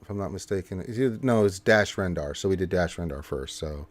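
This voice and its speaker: A man's voice: low-pitched, lively intonation, a little fast, dry recording. A man hosting a livestream, chatting loosely with lots of fillers and wrapping up the show. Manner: loose, rambling, full of fillers. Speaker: livestream host. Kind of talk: casual stream chat and sign-off.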